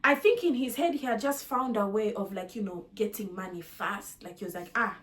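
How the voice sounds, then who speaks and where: A woman's voice: mid-range voice, fairly quick, very noisy. A young woman, telling a storytime rant to her viewers in an indignant, repetitive way. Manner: indignant, repetitive, animated emphasis. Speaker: vlogger.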